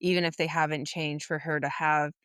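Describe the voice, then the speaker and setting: A woman co-hosting a book podcast, speaking in a measured, thoughtful way and swearing casually. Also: sits low, flat delivery, a bit bright, smooth, no echo, clean studio sound. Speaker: podcast co-host.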